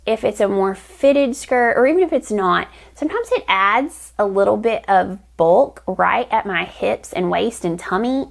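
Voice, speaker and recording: A woman's voice: mid-range voice, creaky. A woman hosting a crafting vlog, chatting enthusiastically to camera with rambling restarts. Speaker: knitting vlog host. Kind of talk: casual chat to camera.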